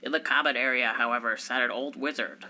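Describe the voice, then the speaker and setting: A man's voice: mid-range voice, steady tone, fast, bright, forceful tone, slight background noise. A man narrating a tabletop game skit as game master, telling the story in a dramatic way.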